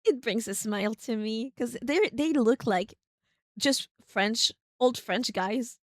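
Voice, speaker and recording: A fairly high-pitched woman chats her way through a live game stream, rambling as she thinks aloud and breaking into excited exclamations. The sound is close and dry, with no room echo. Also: slow.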